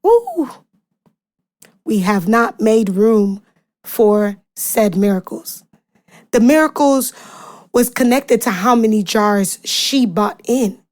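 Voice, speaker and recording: A woman hosting a podcast, giving a casual devotional Bible message in a chatty, animated way with slang and quick asides. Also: mid-range voice.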